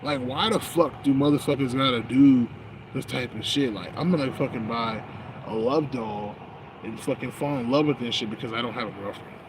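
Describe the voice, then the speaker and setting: Man, casual monologue outdoors: meandering, profane, slangy, mid-pitched, over clear street and traffic noise. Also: normal speed. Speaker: vlogger. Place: outdoors at night on a smoke break.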